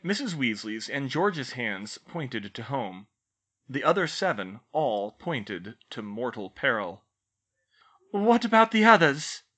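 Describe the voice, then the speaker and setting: A man reading fan fiction aloud as an expressive audiobook narrator. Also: mid-range voice, slow pace. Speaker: audiobook reader.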